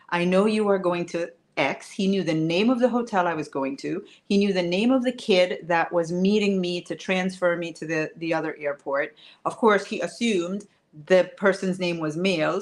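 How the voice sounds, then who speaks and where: Female coach, lowish voice, emphatic storytelling, hushed to raised. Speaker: women's wealth coach. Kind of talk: personal storytelling to an online audience.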